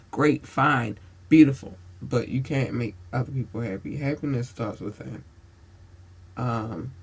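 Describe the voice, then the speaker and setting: A man hosts his own podcast and hands out blunt advice like a sermon. His voice sits at an everyday middle pitch. He swears freely and calls his listeners baby. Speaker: podcast host. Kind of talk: casual advice monologue.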